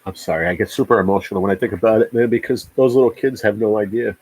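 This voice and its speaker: A man's voice: fairly low pitch, fairly even intonation, quick pace, darkish tone, breathy edge, poor audio. A man in his forties hosting a casual livestream chat, talking in an emphatic, profane rant and often repeating himself. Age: 40s. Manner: repeats words. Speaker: livestream host.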